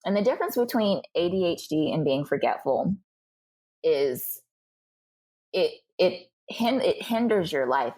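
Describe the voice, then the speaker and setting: A young adult woman speaking as a podcast guest, telling her story candidly and acting out what other people said to her. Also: sits low. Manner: animated, acts out other people's remarks in quick bursts.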